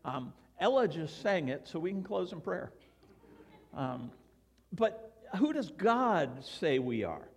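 An older man preaching to his church, slightly high-voiced for a man and very lively in pitch, rising and falling as he tells stories. He acts out quoted voices along the way. His voice rings with the long reverb of a large hall. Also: slow pace, slightly rough. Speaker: pastor. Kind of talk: sermon. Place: church sanctuary.

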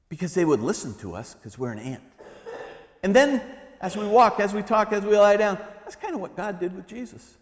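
A middle-aged man preaching a sermon in a church, conversational and animated, with humorous asides. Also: high-pitched, a little fast. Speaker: pastor. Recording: long hall reverb.

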